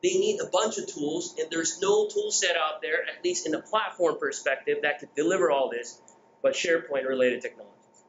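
Energetic guy from the philippines, jokey keynote talk, high voice, echoey hall with a faint hiss. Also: moderate pace. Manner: energetic, jokey, asks the crowd questions. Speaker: conference speaker. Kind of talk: keynote presentation. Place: conference hall. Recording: echoey dull hall recording.

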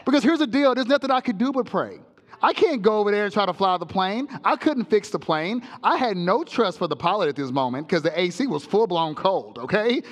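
A male pastor preaching a sermon, telling a comic story with sound effects in an animated way. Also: high-pitched, brisk, big-room sound. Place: church sanctuary.

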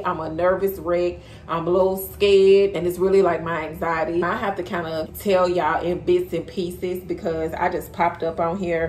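Chatty young woman with a lowish voice. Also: slight background noise. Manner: candid, chatty, slangy. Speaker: vlogger. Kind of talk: casual chat to camera. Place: bedroom floor at home.

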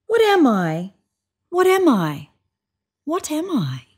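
A woman voicing a large, muddy, bewildered creature from a storybook, asking plaintive, wondering questions in a raised, slowed voice. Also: high-pitched, wildly swooping pitch, a little mellow, pitched above the performer's own voice, full character voice.

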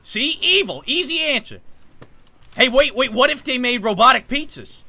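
The brash, cocky young Scout, goofy and wisecracking as he chats with strangers in an online game. The voice sits very high and sounds sharp and bright, and it swings widely in pitch. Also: expressive, moderate pace, heavily acted. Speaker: streamer. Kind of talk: in-character voice chat during an online game.

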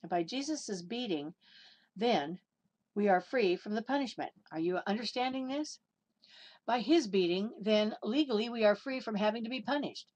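A woman's voice: medium pitch, animated, normal speed, a little mellow. Emphatic woman preaching a sermon. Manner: emphatic, questioning the listeners, acting out quotes.

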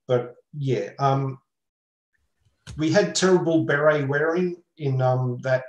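A man's voice: medium pitch, slow, reverberant, low-quality recording. An Australian man chatting casually on a panel over a video call, rambling with many fillers. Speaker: panel guest.

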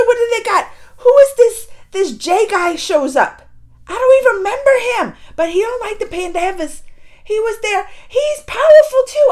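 A woman hosting a reaction video, retelling a TV episode in a casual, emotional way and quoting the characters. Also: extremely high pitch. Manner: emotional, animated retelling with quoted voices.

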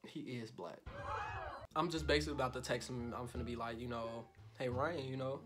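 A young man, a YouTuber, talking casually and joking loudly with lots of swearing, then going soft and mock-romantic as he reads out texts. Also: mid-range voice, steady tone, fairly quick, over music. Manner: loud, profane and joking, swings to soft mock-romantic reading. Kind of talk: casual vlog talk.

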